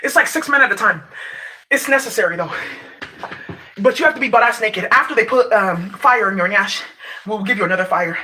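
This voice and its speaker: A woman's voice: medium pitch, animated, a little fast, long pauses, pushed and bright, slight background noise. A woman from Nigeria, ranting casually to her viewers, brash and profane, laughing as she talks. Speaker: vlogger. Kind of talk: casual rant to camera.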